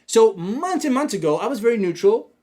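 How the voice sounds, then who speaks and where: A man hosts a casual business podcast at a quick clip, his voice sitting a little high for a man. He is energetic and speaks straight to his listeners. He slips into short acted-out snippets of his own thoughts. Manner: energetic, talks to listeners directly with frequent "man" and "check this out"; acts out his own inner dialogue in quoted asides. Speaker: podcast host and business coach.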